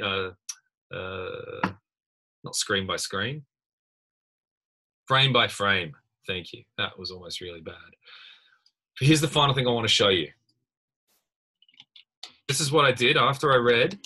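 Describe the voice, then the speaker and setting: Husky, bright-voiced male lecturer. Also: on the low side. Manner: conversational, thinking aloud with many fillers and restarts. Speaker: university lecturer. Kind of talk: screen-recorded tutorial walkthrough.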